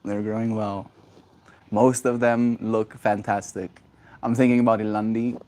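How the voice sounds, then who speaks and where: A man hosting his own daily stream, high and rambling in a casual, halting way with many restarts. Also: flat delivery, dark tone. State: high on cannabis. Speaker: livestream host. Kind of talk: casual solo stream chat.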